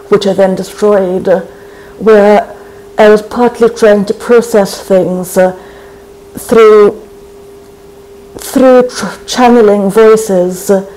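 A speaker in their forties from Trinidad, answers interview questions slowly and thoughtfully. The voice stays flat and even. Its tone is soft and dark, with frequent thinking pauses. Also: medium pitch, rough recording. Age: 40s. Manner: thoughtful and measured, frequent hesitations. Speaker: guest poet. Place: college.

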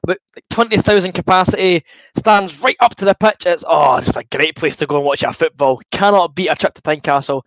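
A man's voice: a little high, brisk, a bit bright, dry recording, rough recording. A young Scottish man hosting a football watchalong stream, reading out viewer comments and answering them in a chatty, good-humoured way while feeling a bit queasy from fizzy juice. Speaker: livestream host.

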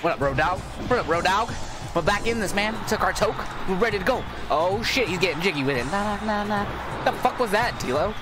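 A man giving excitable, cursing commentary while playing a video game, his voice going hoarse. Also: high-pitched, fairly quick. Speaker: gaming channel host. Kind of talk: casual gameplay commentary. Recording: game music loud behind voice. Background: video game music.

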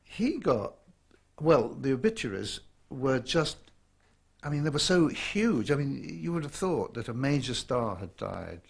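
A man's voice: mid-range voice, very animated, measured pace, gravelly, breathy edge. A man giving an interview, emphatic and reflective.

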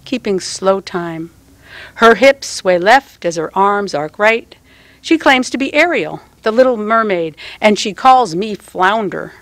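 An older woman reads her own prose poem at a standing microphone, taking her time over each phrase with a tender, measured touch. Her voice sits at an ordinary middle pitch, and the sound is close and dry, with almost no room around it. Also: fairly bright tone, no echo. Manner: slow, measured, tender delivery. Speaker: poet. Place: public poetry reading.

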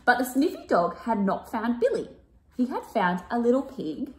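A woman reading a picture book aloud to children, expressive and chatting to her young listeners in between. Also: fairly high pitch, moderate pace.

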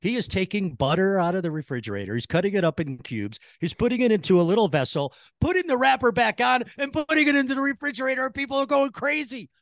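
Podcast host, man from Chicago, effusive and excitable, slightly high voice, dry close mic. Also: quick pace, hardly any pauses, no echo. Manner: excitable, effusive, laughs often. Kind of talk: enthusiastic interview chat.

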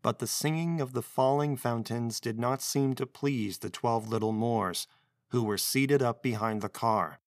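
A man narrating a classic children's story in a measured, expressive reading voice. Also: mid-range voice, no room sound, clean studio sound.

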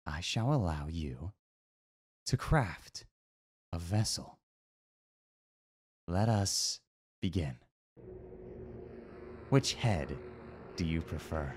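A man voicing an eerie, formal male skeletal scientist in a game playthrough, speaking with slow, stately, ominous phrasing. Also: sits low, animated, darkish tone, husky, full character voice. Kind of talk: voice acting over a game playthrough.

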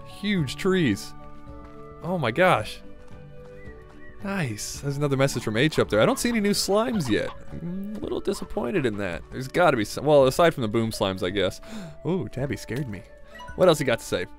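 A man chats through a game session in a casual, self-mocking way, getting excited about every little discovery. His voice sits at an ordinary middle pitch. Faint music plays under his talk. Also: moderate pace. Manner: chatty, self-mocking, reacts excitedly to small finds. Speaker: gaming video host. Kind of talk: casual gameplay commentary.

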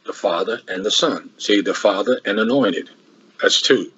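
A man's voice: on the low side, normal speed, fairly bright tone, slightly rough, dull audio. A man preaching a sermon that works through a Bible passage verse by verse, with frequent restarts and rhetorical questions.

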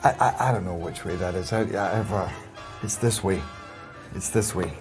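A man's voice: low voice, moderate pace, music in the background. A Scottish man in his fifties chatting playfully with children, teasing and stammering as he answers. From Scotland. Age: 50s. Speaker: interviewee.

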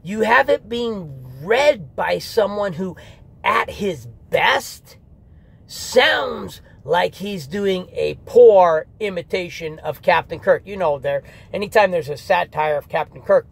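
A man's voice: sits high, gravelly, breathy edge. A man giving a candid, rambling spoken review of an audiobook, with restarts and mock asides.

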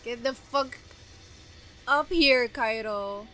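A young woman reacting to an anime episode, gasping, laughing and exclaiming in bursts of excitement. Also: on the high side, takes it slowly.

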